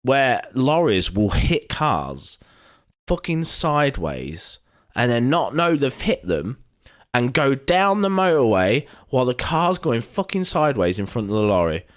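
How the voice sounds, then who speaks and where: A man's voice: mid-range voice, measured pace, no echo, clean studio sound. A British man co-hosting a podcast, telling a story in casual chat with lots of swearing and acted-out quotes. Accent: British English. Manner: animated storytelling, heavy swearing, acts out quotes. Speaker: podcast co-host.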